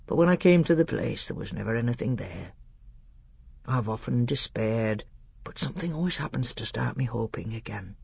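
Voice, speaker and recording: A man voicing a wise, gentle old male tutor in a measured, earnest audiobook reading. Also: medium pitch, animated, no echo, full character voice. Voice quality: gravelly, husky. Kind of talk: audiobook character voice.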